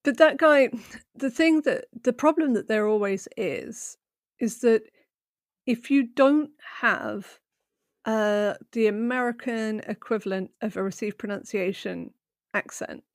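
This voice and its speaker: A woman's voice: medium pitch, no echo, studio quality. Emphatic woman on a tech podcast. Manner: emphatic, opinionated. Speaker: podcast co-host. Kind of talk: casual tech discussion.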